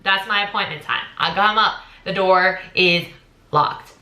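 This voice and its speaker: Bright-voiced young woman telling a story. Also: mid-range voice, measured pace. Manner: animated, dramatic storytelling with laughs. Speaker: vlogger. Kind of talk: casual storytime vlog. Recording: echoey room.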